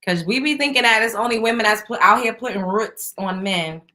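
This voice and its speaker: A woman's voice: on the high side, a little fast, sharp tone. A woman hosting a casual chat show, telling stories bluntly with plenty of swearing and frequent laughter. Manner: blunt, profane storytelling; laughs often while talking. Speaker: host.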